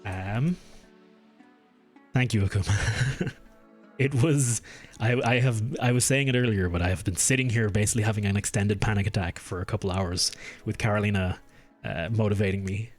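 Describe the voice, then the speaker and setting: A young man with a fairly low voice streams from a room at home, chatting casually with viewers at a moderate pace over soft background music. He rambles, goes off on tangents, and restarts his sentences as he goes.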